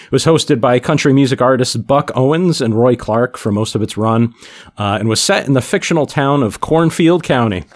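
A man co-hosting a podcast, laying out background facts in a relaxed way with frequent pauses. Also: medium pitch. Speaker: podcast co-host. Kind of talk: casual podcast chat.

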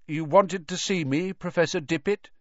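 A man's voice: a little high, moderate pace, no echo, dull audio, voice pushed up, natural voice. A man voicing a polite, nervous teenage boy wizard in a storybook reading. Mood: guarded. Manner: polite, tense.

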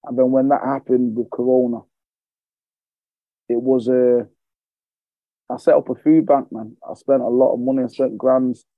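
A man's voice: medium pitch, flat delivery, moderate pace, pauses often, no echo, narrow, tinny audio. A man, a fitness coach, telling candid stories as a podcast guest, swearing freely and repeating phrases for emphasis. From England. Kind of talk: emotional podcast storytelling.

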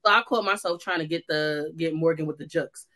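A woman's voice: sits low, fairly quick. Young woman from the us, casual chat cohost, tells stories with a lot of energy, does little voices for people. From United States. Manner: animated storyteller, acts out quoted dialogue. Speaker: co-host.

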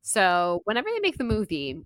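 A woman's voice: medium pitch, wildly swooping pitch, brisk, fairly bright tone, no echo, clean studio sound. A woman co-hosting a podcast, retelling a book's chapters in a chatty, giggly way with many fillers. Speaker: podcast co-host. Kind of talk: casual book-club chat.

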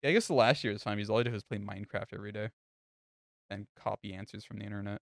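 A man's voice: fairly low pitch, racing, gravelly, no echo, clean studio sound. A young man co-hosting a podcast, telling crude, rambling stories full of fillers in casual chat. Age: young adult. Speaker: podcast co-host.

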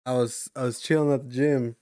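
A man's voice: medium pitch, steady tone, fairly quick, warm tone, no echo, studio quality. A young man in casual chat, telling a slangy, profane story with frequent laughs.

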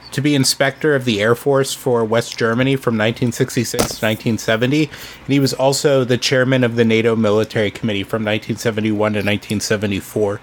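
Halting man chiming in on a podcast. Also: medium pitch, slight background noise. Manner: halting, with many ums and restarts. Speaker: podcast co-host. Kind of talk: casual podcast chat.

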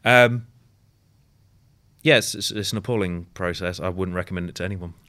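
Co-host, deep-voiced man with a bright edge, wry and sweary. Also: moderate pace. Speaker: podcast co-host. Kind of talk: casual chat.

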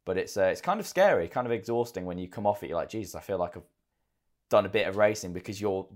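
Casting: low-pitched man, podcast co-host, easygoing and chatty, tells stories with energy. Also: fast talker. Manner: chatty, animated storytelling. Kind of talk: casual chat.

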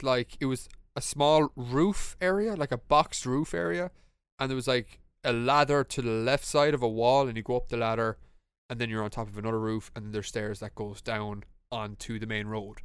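A young man with an Irish accent, a podcast co-host telling a story in casual chat, animated and laughing, with lots of restarts. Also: mid-range voice, clear, resonant tone, no room sound.

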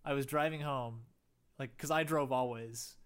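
Young man, laid-back, rambling, lots of fillers, casual chat, mid pitch. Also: moderate pace, clean tone.

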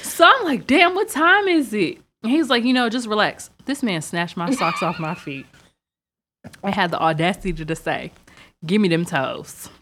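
A woman's voice: mid-range voice, moderate pace, slight background noise. A young woman co-hosting a casual podcast, telling a dating story and acting out the other voices. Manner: animated, acts out quoted dialogue. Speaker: podcast co-host.

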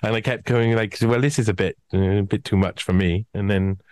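A man with a fairly low voice talks as a guest in a casual chat, hungover and stumbling over his words. He stammers and restarts as he explains. The sound is dry. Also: brisk, clear, resonant tone, dry recording. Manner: stammering, animated. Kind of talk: casual conversation.

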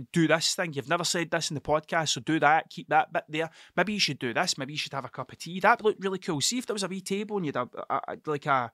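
A podcast host with a fairly high pitch and fairly bright tone spins meandering stories in relaxed conversation, cursing nonstop and starting sentences over as he drifts off topic. The sound is echo-free and studio quality.

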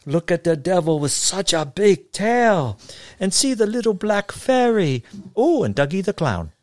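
A man's voice: high voice, sing-song, a little slow, a little mellow, no room sound, clean studio sound, voice pushed up. A man voicing a grand, smiling old woman with a thick German accent. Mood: delighted.

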